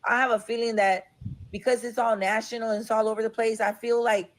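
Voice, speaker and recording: A woman's voice: a little high, flat delivery, brisk. A woman hosting a live stream, chatting casually and sympathetically with a caller. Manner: sympathetic, says dude a lot. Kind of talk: casual chat.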